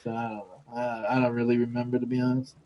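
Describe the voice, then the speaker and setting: A man's voice: medium pitch, little pitch movement, fast talker, muffled recording. A man co-hosting a podcast, chatting casually while playing a game, rambling and swearing often. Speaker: podcast co-host. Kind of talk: casual chat while gaming.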